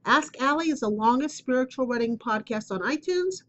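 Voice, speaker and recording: A woman's voice: high voice, animated, normal speed, a bit bright, muffled recording. A woman hosting her own spiritual advice podcast, talking candidly and rambling with fillers, with a cough drop in her mouth. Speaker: podcast host. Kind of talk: casual solo podcast talk.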